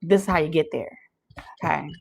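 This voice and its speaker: A woman giving a casual channeled tarot reading, talking straight to her viewers in an animated, preachy way and laughing often. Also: low-pitched, fairly quick, creaky, slightly rough, poor audio. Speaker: tarot reader.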